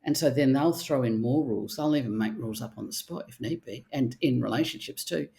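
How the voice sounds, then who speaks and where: A middle-aged woman, a therapist speaking in casual podcast chat, animated and blunt, with the odd swear word. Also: extremely low pitch, a little fast, gravelly. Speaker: archetypal therapist guest.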